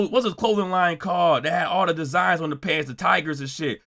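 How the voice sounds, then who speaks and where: A young man streaming, telling a story to his chat in casual, slangy talk with animated, loud bursts. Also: fairly high pitch, a little fast, few pauses.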